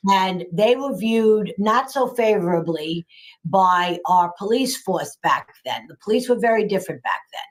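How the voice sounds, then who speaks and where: A woman's voice: medium pitch, expressive, normal speed. Emphatic older New woman. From New York, USA. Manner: emphatic, repeats phrases for effect. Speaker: guest, local politician. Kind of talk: casual political chat.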